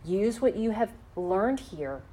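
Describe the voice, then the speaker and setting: Woman giving a measured faith-based lesson. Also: medium pitch, sing-song, dark tone. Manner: measured and step-by-step, slowing for key phrases. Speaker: teacher on forgiveness. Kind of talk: faith-based instructional talk.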